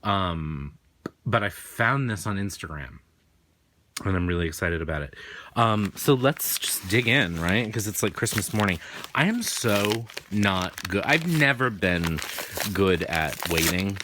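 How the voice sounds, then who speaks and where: Rambling low-voiced man, faint New England. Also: animated, measured pace, pushed and bright, a little hiss or hum. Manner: rambling, chatty, self-deprecating. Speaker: tarot reader and host. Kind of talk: casual unboxing chat.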